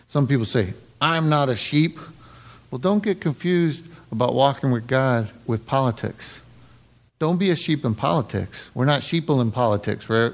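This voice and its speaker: A man's voice: medium pitch, vocal fry, darkish tone. A middle-aged man preaching a casual sermon in a conversational way, often checking in with the congregation. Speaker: pastor.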